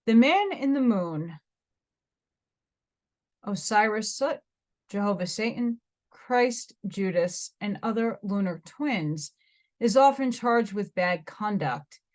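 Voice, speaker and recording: American woman, book reading, halting over difficult words, mid-range voice. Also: mid-range voice, expressive. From United States. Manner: stumbles over hard words, breaks off to comment. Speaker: reader.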